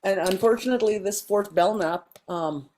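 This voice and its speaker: A woman teaching a language class over a video call, explaining step by step with frequent pauses and ums. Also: mid-range voice, a little mellow, slight background noise.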